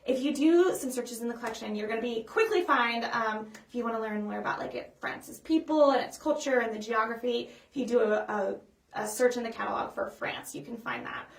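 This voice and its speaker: A high-pitched woman running a children's storytime, talking in a chatty, upbeat way full of ums and small restarts. She stands a little away from the microphone, so her voice sounds distant, and the room around her is echoey. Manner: sings simple songs slowly for kids to follow. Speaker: children's librarian leading storytime. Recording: echoey room, voice a bit far from the mic.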